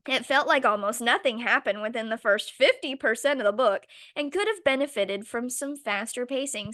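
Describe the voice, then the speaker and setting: Young woman podcast host, kinda high voice, sarcastic and ranty, swears a bit. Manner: sarcastic, animated ranting with swearing. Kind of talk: casual chat.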